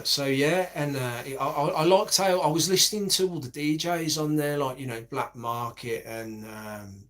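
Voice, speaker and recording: A man's voice: medium pitch, fairly bright tone. A man in his forties, rambling in a casual monologue with heavy swearing and many restarts.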